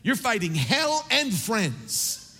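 A man's voice: high voice, huge pitch swings, slow pace, pushed and bright, breathy edge. A man preaching a sermon as pastor, building fervor with rhetorical questions, in a large church sanctuary. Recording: long reverb of a large hall.

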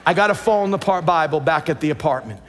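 A man's voice: on the high side, fast, long reverb tail, faint music behind. A man preaching a sermon as pastor, emphatic and repeating words as he builds his points.

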